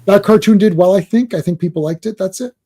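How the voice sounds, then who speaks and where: A man's voice: high voice, quick pace, warm tone, slightly rough. A man hosting a comic book podcast, talking casually and rambling as he repeats himself. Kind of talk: casual chat.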